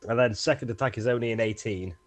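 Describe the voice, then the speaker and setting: A man's voice: medium pitch, quick pace, no room sound. Joking man at the game table. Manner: joking, explains rules patiently. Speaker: player.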